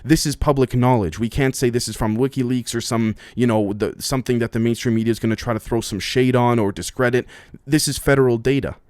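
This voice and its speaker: A man's voice: medium pitch, fairly even intonation, fast talker, darkish tone, dry recording, studio quality. A man hosting a podcast, giving casual political commentary as an opinionated rant full of restarts and fillers. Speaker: podcast host.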